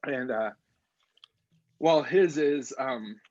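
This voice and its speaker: A man co-hosting a casual podcast chat, halting and laughing, his throat burning and rough from eating a very hot chip. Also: mid-range voice, a little mellow, no echo. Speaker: podcast co-host, pastor. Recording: dull, dry lo-fi sound.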